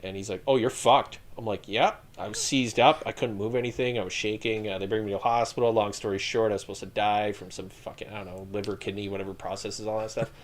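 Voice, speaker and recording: A man's voice: on the low side, fast, few pauses, slight background noise. Profane storytelling man. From Canada. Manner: profane, laughing, animated storyteller. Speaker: podcast guest, retired infantry soldier. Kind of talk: casual storytelling chat.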